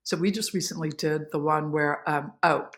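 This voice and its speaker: An actress as a podcast guest, telling emotional behind-the-scenes stories in a lively, filler-filled way. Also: female voice, low voice, moderate pace. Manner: animated, emotional, many fillers. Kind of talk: casual interview storytelling.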